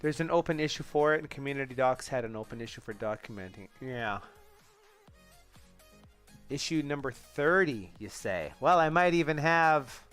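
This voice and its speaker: A man's voice: medium pitch, animated, moderate pace, fairly bright tone, soft background music. A man hosting a casual live coding stream, thinking aloud and chatting with viewers in a rambling way, with restarts and asides.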